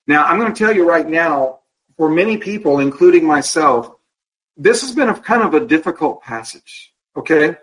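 A man teaching a Bible study class in a conversational way. He often asks the class questions, checks in with "okay?", and slows down to stress key words. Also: on the high side, expressive, a bit bright, slightly rough, rough recording.

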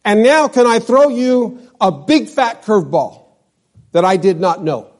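A man's voice: high-pitched, animated, a little slow. A male pastor from New Mexico preaching a sermon, asking his congregation questions and drawing out key words.

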